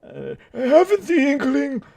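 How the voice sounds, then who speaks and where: A game player voicing an out-of-breath dark wizard with a put-on French accent, pitched high. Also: wildly swooping pitch, a little slow, vocal fry, heavily acted. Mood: silly.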